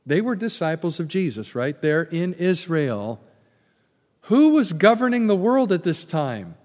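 A man pastor preaching a sermon, animated and emphatic, then dropping into soft prayer. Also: on the high side, measured pace. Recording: long hall reverb.

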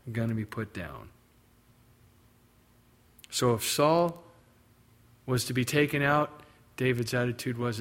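A man's voice: medium pitch, measured pace, pauses often, fairly bright tone. A man preaching a sermon, reading scripture aloud and then explaining it in plain, conversational terms. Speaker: pastor. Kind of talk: expository sermon.

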